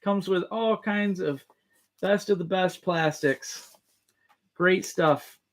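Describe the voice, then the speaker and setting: A man runs a relaxed live-stream auction, his voice sitting high. He talks at an unhurried pace, repeating each bid, chuckling and greeting viewers by name. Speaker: livestream host running a tackle auction.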